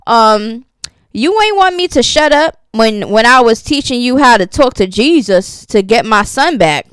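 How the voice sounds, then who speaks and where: A woman's voice: fairly high pitch, animated, unhurried, clean tone, dry recording, clean studio sound. A woman giving sassy, casual gossip commentary, reading posts aloud and reacting to them. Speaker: commentary channel host.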